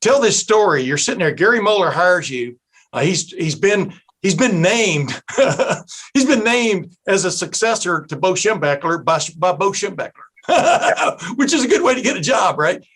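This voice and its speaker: Chatty podcast host from East Texas. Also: male voice, sits high, lively intonation, normal speed, a bit bright, slightly rough. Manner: chatty, loose asides, many fillers. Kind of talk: casual podcast interview.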